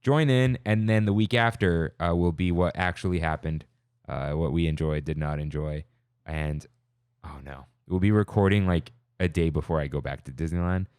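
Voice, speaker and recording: Low-voiced man hosting a podcast, smooth and dry. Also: normal speed, a little mellow, no room sound. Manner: rambling, self-interrupting, upbeat. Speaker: podcast host. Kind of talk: casual chat.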